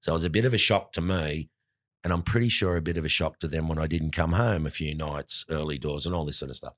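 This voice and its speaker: Deep-voiced Australian man telling stories. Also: fast talker. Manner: animated anecdotes, mimics voices in quotes. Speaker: former cricketer, guest. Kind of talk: storytelling interview.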